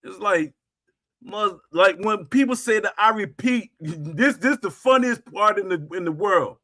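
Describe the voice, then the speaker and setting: A middle-aged man with a high, bright voice holds forth to his viewers in an unhurried rant. He repeats himself for emphasis and stamps each point down hard, like a host airing a grievance. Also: animated. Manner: emphatic, repetitive, punctuates claims with "Facts". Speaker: streamer host. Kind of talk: ranting monologue to viewers.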